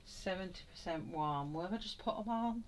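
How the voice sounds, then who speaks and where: A woman's voice: on the low side, brisk. A woman hosting a live colouring stream from home, chatting casually and reading out viewer comments between strokes. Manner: chatty, laughs often, reads out viewer comments. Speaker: coloring livestream host. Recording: noisy home recording with pencil clicks.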